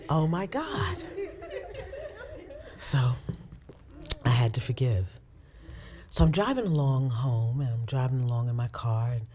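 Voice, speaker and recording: A woman on a talk show telling a personal story of forgiveness, laughing often, acting out her own thoughts and sometimes dropping to a hushed near-whisper. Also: very deep voice. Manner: drops to hushed near-whispers at tender moments.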